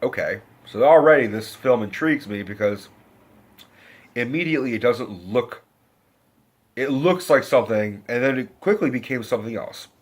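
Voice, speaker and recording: A man rants his way through a film review in a loose, rambling flow full of restarts and casual swearing. His voice sits at an ordinary middle pitch, and he jumps up into exaggerated impressions whenever he retells a scene. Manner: profane, animated retelling with pitched-up acted quotes.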